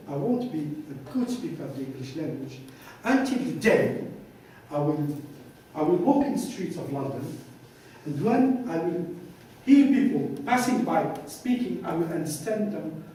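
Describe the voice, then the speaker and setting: Male lecturer with a high, mellow voice who tells stories and plays out the dialogue, heard from a distance in a very reverberant hall with faint background hiss. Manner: storytelling, acts out both sides of dialogues. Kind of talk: conference lecture with anecdotes. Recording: echoey hall, voice from far off.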